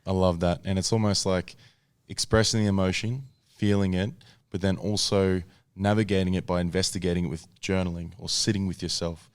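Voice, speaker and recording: A man's voice: deep voice, level tone, fairly quick, hardly any pauses, smooth, no echo, clean studio sound. A man hosting a casual podcast chat, steering the talk with long, open questions. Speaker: podcast host. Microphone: headphones and studio mic.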